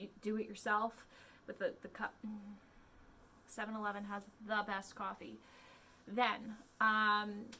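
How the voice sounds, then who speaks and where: A woman's voice: mid-range voice, bright, forceful tone. A young adult woman hosting a podcast, talking casually in a chatty, rambling way full of ums and likes. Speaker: podcast host. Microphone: podcast mic.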